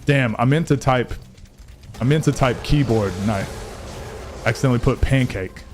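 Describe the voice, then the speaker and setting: A man's voice: medium pitch, normal speed, music in the background. A young man streaming a game late at night, chatting casually with his viewers, rambling and joking, swearing freely, and sounding a bit tired. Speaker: gaming streamer. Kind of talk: casual live-stream chat.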